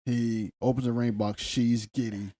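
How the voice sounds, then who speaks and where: A man's voice: mid-range voice, flat delivery, a little slow, warm tone. A man co-hosting a podcast, recapping reality TV in laid-back, argumentative casual chat. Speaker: podcast co-host.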